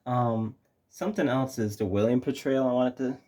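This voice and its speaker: A man's voice: medium pitch, moderate pace, a little mellow. A young man reviewing a movie in casual chat, rambling with lots of fillers and restarts.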